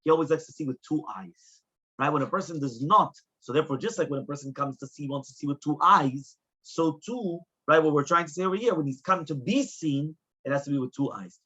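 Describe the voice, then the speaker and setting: A man's voice: fairly high pitch, a little fast, sharp tone, husky, dull audio. A man teaching a Talmud lesson as a rabbi, asking rhetorical questions and moving between Hebrew and English. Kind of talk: Talmud lecture.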